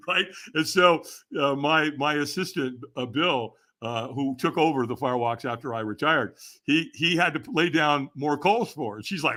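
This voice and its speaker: An older man appearing as a podcast guest tells stories in a casual interview, animated and laughing often as he talks. His voice is on the high side, at a moderate pace.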